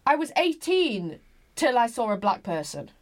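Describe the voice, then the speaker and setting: Chatty, giggly woman with lively high voice. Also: normal speed. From northern England. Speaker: guest sharing a family postcard. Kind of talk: casual chat.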